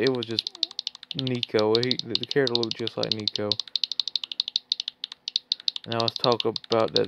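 A woman with a remarkably low, deep voice chats through her gameplay in a loose, profane ramble that keeps breaking into laughter. A heavy wash of background noise sits under her words, with mouse clicks and typing. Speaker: gaming channel host. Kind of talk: casual gameplay commentary.

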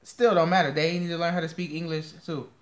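A man's voice: a little high, level tone, fast talker, echoey room. A man with an American accent, co-hosting a casual couple's chat, teasing and playfully defensive. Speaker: co-host of a couple's channel.

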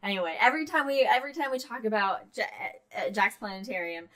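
A woman's voice: fairly high pitch, animated, fast talker, fairly bright tone. A woman co-hosting a podcast in casual chat, playful and full of fillers. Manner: chatty, playful, many fillers. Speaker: podcast co-host.

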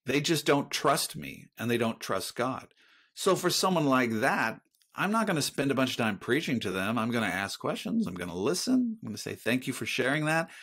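A man's voice: medium pitch, sing-song, normal speed, a bit bright, breathy edge. A middle-aged man speaking as a guest author in a podcast interview, earnest and reflective as he talks about faith.

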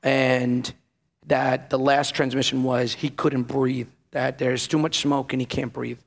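A former police officer gives personal testimony in an interview, telling his story emotionally, acting out the dialogue and using many fillers. His medium-pitched voice is unhurried and carries vocal fry, with little pitch movement.

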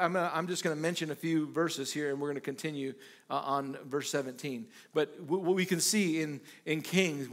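Man, pastor, preaching, lively retold dialogue, slightly high voice. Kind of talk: sermon.

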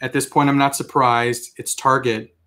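A man hosting a toy collecting show, telling stories in a casual, chatty way, with animated reactions when he quotes himself. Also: medium pitch, normal speed. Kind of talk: casual live-stream chat.

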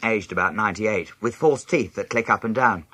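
A man reading a children's novel aloud as a first-person audiobook narration, with lively storytelling. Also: moderate pace, no echo. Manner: lively storytelling, jumping high in pitch for other characters' lines.

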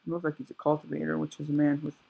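Excitable young guy narrating his gameplay. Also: on the high side, racing, gravelly, highs cut off. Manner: excitable, sarcastic, exclaims often. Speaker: gameplay commentator. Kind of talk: casual gameplay commentary.

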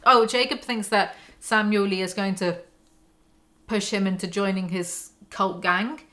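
A woman's voice: medium pitch, steady tone, measured pace, fairly bright tone. A woman hosting a book breakdown, reading passages aloud and adding sarcastic, mocking asides. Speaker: book commentary host.

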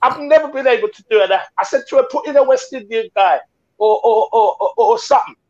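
High-voiced man telling a story, dull sound. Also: fast, darkish tone. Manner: storytelling, does silly voices. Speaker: co-host. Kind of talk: casual chat.

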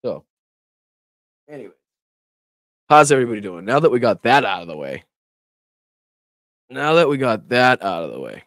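A man's voice: medium pitch, sing-song, moderate pace, pauses often, fairly bright tone, dry recording, clean studio sound. A man hosting a casual political livestream who talks straight to his chat, laughs often and swears when annoyed. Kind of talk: casual live-stream commentary.

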